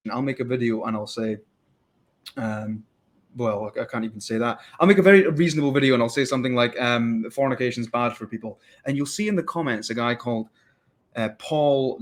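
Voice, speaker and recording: Male podcast host, mid pitch, rambling and fired-up, acts out quotes. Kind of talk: casual interview chat.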